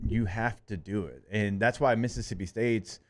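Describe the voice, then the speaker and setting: A man co-hosting a sports radio show in relaxed, conversational talk. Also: on the low side, normal speed.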